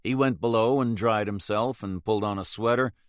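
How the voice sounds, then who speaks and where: A man narrates an audiobook from a script, his voice fairly low and his delivery steady and measured. The recording is close and dry, with no room sound and no echo.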